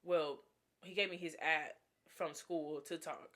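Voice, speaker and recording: A young woman telling a dramatic story on her vlog, animated and full of slang. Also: low-pitched, measured pace. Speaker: vlogger.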